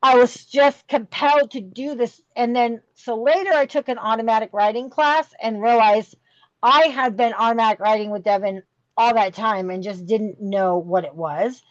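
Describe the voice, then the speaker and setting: A woman's voice: a little high, moderate pace, no room sound, dull audio. A middle-aged woman telling a candid, emotional story as a podcast guest, with many fillers and restarts. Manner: rambling, emotional, full of fillers.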